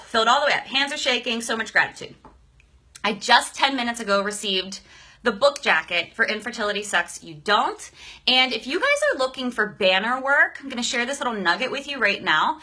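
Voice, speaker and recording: A woman's voice: a little high, expressive, moderate pace, bright, forceful tone. A woman hosting a casual live stream, gushing and emotional, greeting viewers by name with a shaky voice.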